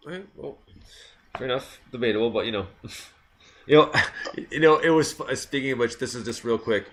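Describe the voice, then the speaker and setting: A man's voice: medium pitch, brisk, a little hiss or hum. A man hosting a music radio show, telling rambling stories with many restarts and laughs. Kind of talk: casual chat.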